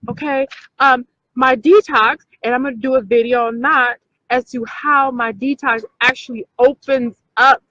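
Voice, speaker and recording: A woman's voice: high-pitched, fairly bright tone, dry recording, lo-fi sound. A woman hosting a casual talk video for her viewers, emphatic, repeating points and checking in with "okay?". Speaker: video host.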